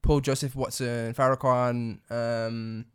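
A man giving quick, opinionated takes in slangy podcast chat. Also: mid-range voice, little pitch movement, smooth. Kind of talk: casual chat.

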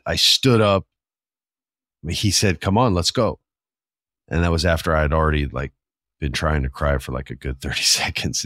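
A man in his forties telling a candid, profane story in a casual podcast, animated when he quotes people. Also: extremely low pitch, no room sound, clean studio sound. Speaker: podcast host.

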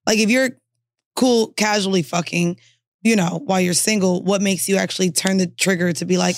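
A woman co-hosting a podcast in casual chat, blunt and quick to laugh. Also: medium pitch, fairly even intonation, no room sound, clean studio sound. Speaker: podcast co-host.

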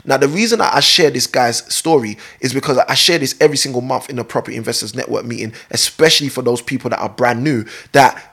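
A man's voice: mid-range voice, quick pace, vocal fry, few pauses, fairly bright tone, slightly rough. A man talking about property investing in a casual conversation, emphatic and repeating his key points.

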